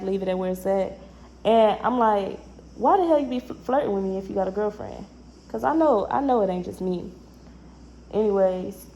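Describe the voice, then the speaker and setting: A young woman casually telling a personal story in a slangy, animated way, acting out the lines she quotes. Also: mid-range voice, a little hiss or hum, rough recording.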